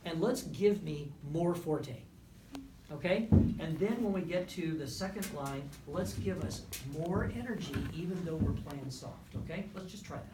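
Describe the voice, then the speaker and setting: A man's voice: a little high, animated, unhurried. A man coaching a brass ensemble in a rehearsal room, encouraging and checking in with "right?" and "okay?" after almost every point. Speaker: music clinician. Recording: roomy, from a distance, faint background noise.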